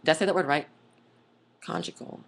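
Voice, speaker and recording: A low-voiced young woman speaking a little fast in a steady tone vlogs in a casual, rambling monologue. She gushes, goes off on tangents, and frequently says "like" and "oh my God."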